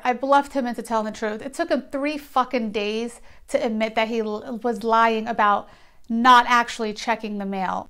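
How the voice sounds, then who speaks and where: Smooth-voiced young woman, blunt and sarcastic. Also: a little high, a bit bright. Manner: blunt and profane, sarcastic asides. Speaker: vlogger. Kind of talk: casual storytime vlog.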